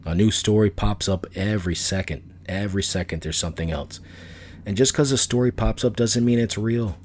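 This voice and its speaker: A man's voice: fairly low pitch, normal speed, darkish tone, slight background noise. A middle-aged man hosting a solo podcast, talking casually in a blunt, opinionated, rambling way that repeats itself. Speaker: podcast host.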